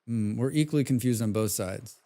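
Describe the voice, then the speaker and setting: With a medium-pitched, dark voice, a man live-streams a game, talking a little fast over a slight hiss or hum. He rambles casually, reads chat messages aloud, and hums tunelessly as he plays.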